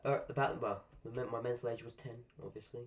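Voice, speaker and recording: A man's voice: medium pitch, steady tone, fast. Stuffy-voiced man grumbling through a game. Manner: dry, grumbling, self-mocking. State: congested from a cold. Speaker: gaming streamer. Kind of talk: casual gameplay commentary.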